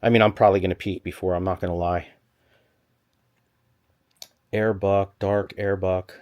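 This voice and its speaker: A man vlogging from a storage locker, rambling and thinking aloud in an excited stop-start way, a little out of breath. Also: low-pitched, moderate pace. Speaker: storage unit reseller. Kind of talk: excited unboxing vlog.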